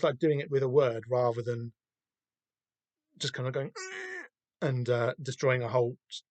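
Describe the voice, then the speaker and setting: Rambling Southern English podcast host. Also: male voice, medium pitch, no room sound. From Southern England. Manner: rambling, sweary, self-deprecating. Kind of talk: casual comic-book commentary.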